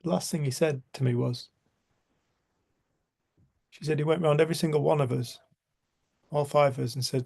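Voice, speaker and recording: A man's voice: mid-range voice, fairly even intonation, brisk, creaky, long pauses, a little mellow, breathy edge. A middle-aged man, leading a group and telling a personal story in an earnest, heartfelt way, often dropping to a near-whisper, heard over a video call. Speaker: group facilitator.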